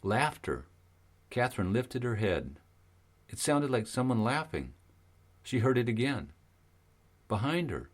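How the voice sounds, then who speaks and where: A man narrating an audiobook in a steady, even storytelling manner. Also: fairly low pitch. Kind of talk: scripted narration.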